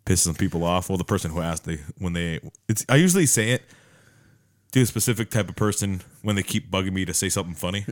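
A man's voice: deep voice, expressive. Laughing, rambling podcast guy. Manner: rambling, quick to laugh, restarts often. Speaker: podcast co-host. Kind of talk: casual chat.

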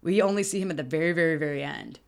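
Young female co-host, lowish pitch, lively casual chat, salty language. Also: very fast. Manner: animated, swearing, acts out movie characters. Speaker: podcast co-host.

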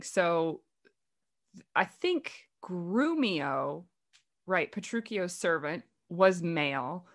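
A woman hosting a play-reading group, chatty and rambling with lots of fillers. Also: medium pitch. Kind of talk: casual talk.

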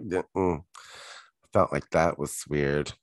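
A man's voice: very deep voice, slow, no room sound. A man co-hosting a podcast, chatting casually and wryly about a TV episode, often in brief replies. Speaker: podcast co-host. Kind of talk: casual chat recapping a TV episode.

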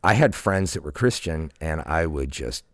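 A man in his forties speaks in a very low, deep voice, earnest and reflective as he tells a personal story on a podcast. He restarts often and leans on casual fillers. The sound is dry and close. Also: lively intonation, moderate pace, no echo. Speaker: podcast guest.

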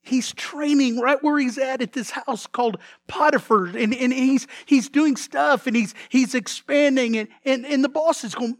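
A man preaching a sermon as pastor, telling the story in a lively way, acting out the figures' lines and often repeating words as he restarts. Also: very high-pitched, moderate pace, few pauses, no room sound, studio quality. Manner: animated storytelling, acts out characters' lines.

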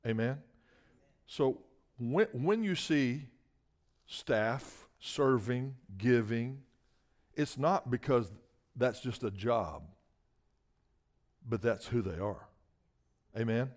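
A man delivers a sermon in an emphatic, repetitive cadence. His voice sits at an ordinary middle pitch, and he keeps checking in with the room for an "Amen?". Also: lively intonation, very slow, pauses often. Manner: emphatic, repeats words, asks "Amen?". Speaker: guest preacher.

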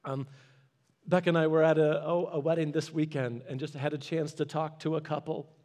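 A man's voice: on the high side, level tone, moderate pace, darkish tone. A man preaching a sermon as a pastor, weaving in a personal story and urging listeners with short repeated commands.

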